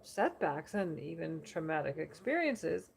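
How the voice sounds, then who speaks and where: A woman's voice: low-pitched, big pitch swings, measured pace, vocal fry, a little hiss or hum, full character voice. A woman doing an earnest, polite male author. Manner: formal, deferential.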